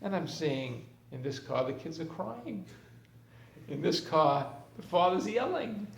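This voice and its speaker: A man's voice: a little high, big pitch swings, measured pace, vocal fry. A man, a therapist, giving a conversational storytelling talk to a group. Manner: anecdotal, conversational, acts out scenes. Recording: roomy room with faint background noise.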